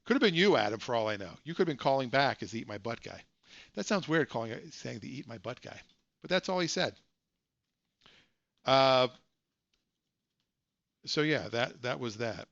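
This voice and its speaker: A man chatting casually to his live-stream viewers, wandering through stories and correcting himself mid-sentence. His voice sits in a middle pitch. The sound is dry and close, and the audio is a bit dull and lo-fi. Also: expressive, normal speed, gravelly, long pauses, fairly bright tone, dry recording. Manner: rambling, self-correcting storyteller.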